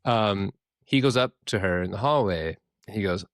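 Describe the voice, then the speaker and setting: Speaking at a moderate pace in a lowish, fairly bright voice, this podcast co-host tells stories and performs the voices of the people in them. The talk is loose and candid, full of swearing, and the recording carries no room sound.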